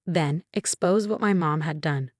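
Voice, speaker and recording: A woman narrating a story in a measured, even way. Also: sits low, no room sound, clean studio sound.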